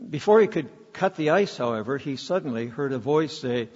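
A man's voice: mid-range voice, expressive, fairly quick, darkish tone, husky. A man preaching a sermon as pastor, telling stories and leading the congregation in reading aloud. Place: church sanctuary. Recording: dull, lo-fi sound with long hall reverb.

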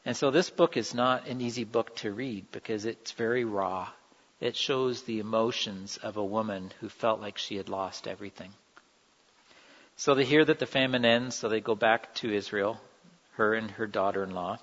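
Speaking at normal speed, a man whose voice is on the low side and a bit bright gives an earnest, conversational sermon. As a preacher, he acts out the quoted lines with feeling. The hall is reverberant and the sound dull.

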